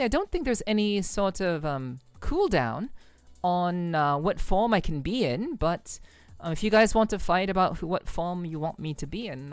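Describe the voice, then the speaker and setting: Smooth-voiced woman chatting on stream. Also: on the low side, no room sound. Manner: rambling and friendly, stuttered restarts, many fillers. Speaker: live streamer. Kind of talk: casual live-stream chat with viewers.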